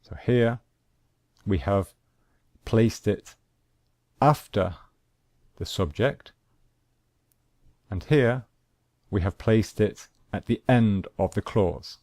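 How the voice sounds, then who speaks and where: Male teacher, low voice, measured and unhurried grammar lesson, dry close sound. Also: a little mellow, no echo. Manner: slow, deliberate, repeats examples. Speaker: English teacher.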